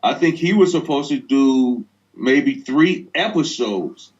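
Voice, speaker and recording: A man's voice: mid-range voice, expressive, takes it slowly, darkish tone. A male actor as an interview guest, telling anecdotes in a laid-back way and laughing often. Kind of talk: relaxed interview storytelling. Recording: dull lo-fi sound.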